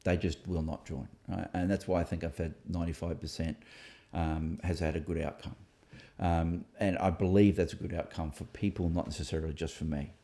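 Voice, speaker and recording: A man's voice: deep voice, steady tone, brisk, warm tone. A man hosting a casual discussion, reflective and thinking aloud with fillers and restarts. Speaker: author and host.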